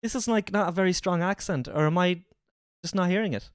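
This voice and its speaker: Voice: mid-range voice, fairly quick, no room sound, studio quality. A streamer reacting to a video with casual, joking and profane mocking asides.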